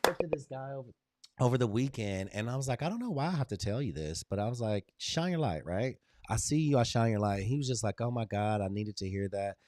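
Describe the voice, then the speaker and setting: Man, livestream host, animated and encouraging, greets viewers by name, dry close sound. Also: medium pitch, brisk, dry recording. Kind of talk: lively livestream chat with viewers.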